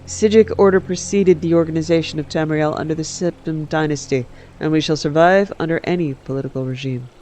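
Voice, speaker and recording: A man reading aloud and voicing a proud, aloof male mage in a measured manner. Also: a little high, fairly even intonation, mellow, a little hiss or hum, close to an everyday voice.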